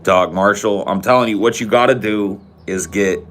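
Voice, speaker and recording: Low-voiced man ranting with crude teasing. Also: normal speed, fairly bright tone, slight background noise. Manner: profane, teasing, riled-up ranting. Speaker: podcast co-host. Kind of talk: casual banter.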